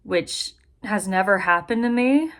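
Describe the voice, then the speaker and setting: A woman's voice: mid-range voice, animated, measured pace, a bit bright. A young woman in her bedroom giving a casual life update to her camera, chatty, giggly and self-deprecating. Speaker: vlogger. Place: bedroom being moved into. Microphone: camera in front of her.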